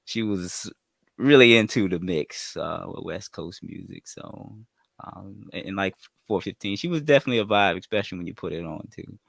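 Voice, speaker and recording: A man who DJs, talking on a group call in a slow, measured way with many fillers. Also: low-pitched, lively intonation, creaky, a bit bright, no room sound, clean studio sound. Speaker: streamer and DJ guest. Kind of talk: casual group call chat.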